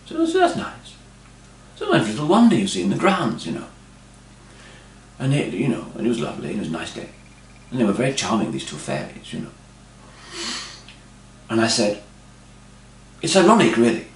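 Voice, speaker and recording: Lively-voiced man telling a rambling comic tale, in a roomy space with faint hum. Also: on the low side, fairly quick. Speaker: comic storyteller. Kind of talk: comic monologue.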